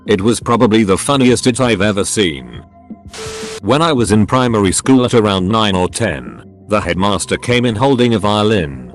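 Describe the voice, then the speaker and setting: A man doing scripted story narration in an expressive way, acting out the quoted lines. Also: fairly low pitch, normal speed. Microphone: studio voice-over mic. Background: faint background music.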